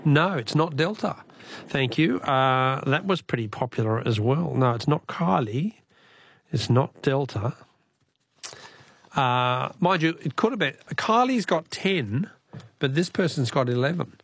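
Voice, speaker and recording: A man with an Australian accent hosting a talkback radio quiz, chatty and quick to laugh with callers. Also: mid-range voice, animated, gravelly, fairly bright tone, husky, no room sound. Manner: chatty, laughs often, friendly banter with callers.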